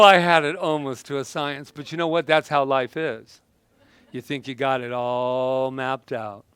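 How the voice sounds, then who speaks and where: Bright, animated man giving a talk. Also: medium pitch, unhurried, clear, resonant tone, no echo. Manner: animated and playful, laughs and exclaims often. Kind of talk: live motivational talk with props.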